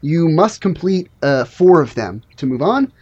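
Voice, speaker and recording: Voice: medium pitch, very animated, unhurried, a little mellow, breathy edge, dull audio. A game master running a tabletop game, chatting casually and joking between mission briefings. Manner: joking, rambling with restarts.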